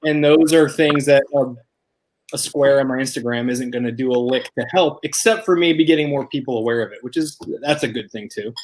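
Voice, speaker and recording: A man calling into a talk show, speaking in a measured, articulate way with a wry edge. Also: medium pitch. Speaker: caller. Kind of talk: casual conversation.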